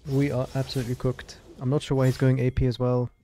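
Frustrated male streamer, mellow voice. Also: medium pitch, completely flat delivery, fast talker, a little hiss or hum. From Europe. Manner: frustrated, swearing, chanting repeated words. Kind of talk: live gameplay commentary.

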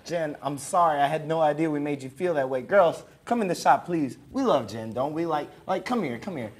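A man's voice: fairly high pitch, lively intonation, fairly quick. Playful young man co-hosting. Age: young adult. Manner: mock-angry, playful. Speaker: co-host. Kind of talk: comic student TV banter.

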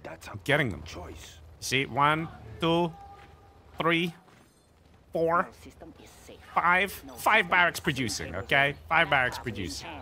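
Animated man commentating a game. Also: a little high, takes it slowly, pauses often. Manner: animated, self-mocking, laughs often. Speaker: game streamer. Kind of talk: casual gameplay commentary. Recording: faint game music behind.

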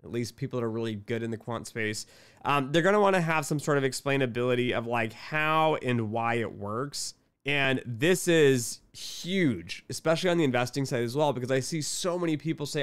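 A middle-aged man talking casually to camera about finance work, telling candid stories and acting out both sides of sales pitches. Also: normal speed, clean tone. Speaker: quant finance commentator.

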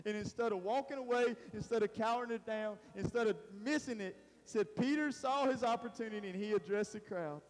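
High-voiced preacher in a reverberant church. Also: male voice. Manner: casual Southern preaching, lots of "man" and restarts. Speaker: pastor. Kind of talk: sermon. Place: church hall.

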